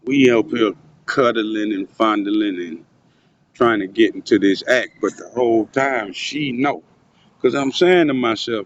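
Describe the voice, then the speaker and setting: Speaking at a measured pace in a fairly low voice, a man vlogs a conspiratorial, profanity-laced monologue to his audience. He films on a handheld phone in a public area, having moved somewhere quieter, and the recording is dull lo-fi phone audio carrying faint noise.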